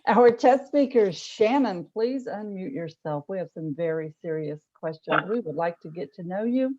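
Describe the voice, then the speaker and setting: A teasing, upbeat woman runs a lighthearted interview over a video call. Her voice is lowish and mellow, and the audio is a little dull. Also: animated, normal speed. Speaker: interviewer at a club meeting.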